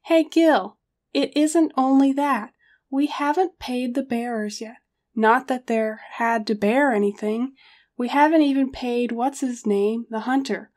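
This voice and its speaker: A woman's voice: a little high, fairly even intonation, unhurried, a little mellow, natural voice. A woman voicing a gloomy, worried male business partner in a story reading, glum and complaining. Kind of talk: audiobook character reading.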